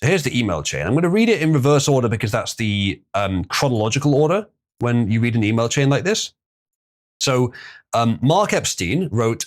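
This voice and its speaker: Male stream host, mid pitch, animated delivery, blunt and opinionated. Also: normal speed. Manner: opinionated, swears, reads chat aloud. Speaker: livestream host. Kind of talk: casual livestream chat.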